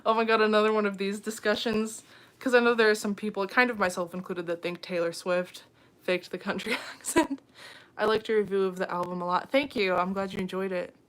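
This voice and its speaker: A young woman talks casually to her livestream viewers from home, in a voice of ordinary middle pitch. She is chatty and loose, reading comments aloud and scattering ums and small laughs through her talk. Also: steady tone, brisk, a bit bright. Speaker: livestream host.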